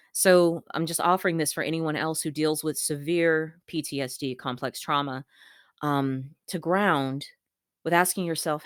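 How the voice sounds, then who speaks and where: Woman with a low voice, talking slow and gentle to the camera, dry close sound. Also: dry recording. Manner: earnest, gentle, halting with fillers and repeats. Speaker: vlogger sharing a coping tip. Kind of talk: candid personal talk to camera.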